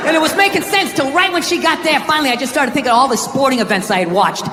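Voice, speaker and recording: A man's voice: very high-pitched, animated, rapid-fire, hardly any pauses, noisy background. A man from the United States doing stand-up comedy, ranting and profane in an exasperated way. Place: large theater with a laughing crowd. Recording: echoey live hall, loud crowd.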